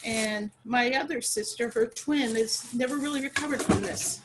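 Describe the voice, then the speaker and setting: A middle-aged woman speaks as an interview guest. She talks earnestly and haltingly, often restarting with fillers. Her voice sits a little on the high side. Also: very noisy. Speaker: guest, sister of a murder victim.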